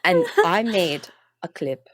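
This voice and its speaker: A woman from Canada co-hosting a podcast, casually recapping a TV episode in an animated, filler-heavy way. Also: on the low side, slow pace, background noise. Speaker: podcast co-host.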